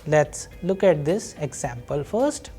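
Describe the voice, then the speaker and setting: A woman teaching a recorded university lesson, explaining slowly and patiently and repeating each example. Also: sits low, sing-song, mellow, breathy edge, faint music behind. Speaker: language teacher.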